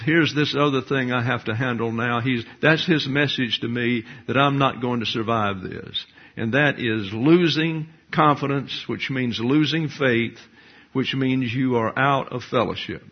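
An older male pastor preaching a sermon in a measured, explanatory way, asking rhetorical questions. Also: medium pitch. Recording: dull lo-fi recording.

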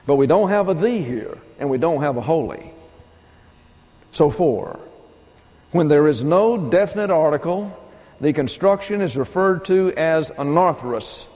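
A man's voice: on the high side, lively intonation, measured pace, dark tone. Methodical male preacher, reverberant hall. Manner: methodical, spells words out and numbers points. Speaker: pastor. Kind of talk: expository Bible teaching sermon. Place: church pulpit.

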